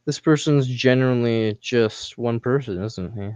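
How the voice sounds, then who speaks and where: A man's voice: mid-range voice, measured pace, a little mellow, smooth, no room sound. A man on a livestream, ranting angrily at his viewers with taunting, profane insults. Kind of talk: angry livestream rant at chat.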